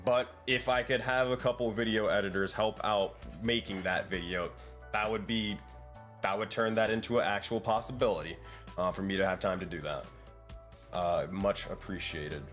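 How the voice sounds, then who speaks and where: Low-voiced man thinking aloud on a call. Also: fairly even intonation, normal speed, a bit bright, soft background music. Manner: rambling and thinking aloud, many fillers. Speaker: community project lead and dungeon master. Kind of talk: casual planning chat in an online meeting. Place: online voice call.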